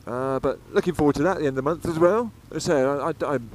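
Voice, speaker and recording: A man's voice: on the high side, fast talker, a little mellow. Chatty English-born man rambling while riding. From England. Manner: rambling and chatty, swears freely. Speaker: motorcycle vlogger. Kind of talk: casual riding commentary. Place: outdoors on a moving motorcycle on the road. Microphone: helmet-mounted action camera. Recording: faint road and engine noise.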